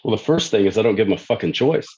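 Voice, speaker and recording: A low-pitched man talks bluntly and emphatically, peppering his speech with profanity. His recording sounds dull and slightly lo-fi. He speaks as a guest coach in a casual podcast chat. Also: lively intonation, rapid-fire, a little mellow, husky.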